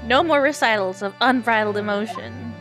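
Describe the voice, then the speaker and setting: A woman voicing a gloomy, theatrical male detective who grandly mourns his lost violin playing, with game music clearly behind. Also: on the high side, moderate pace, natural voice. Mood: mournful. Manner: melodramatic, sighing, grandiose.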